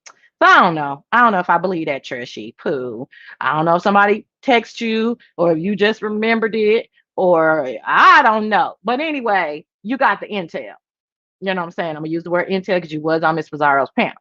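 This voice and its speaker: A woman's voice: brisk, no room sound. Woman, livestream host, casual chat, sassy, emphatic, dry close sound, muffled lo-fi quality. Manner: animated, emphatic, swinging from high exclamations to low asides; sassy, talks straight to viewers as "girl" and "child". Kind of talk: casual livestream chat reading viewer comments.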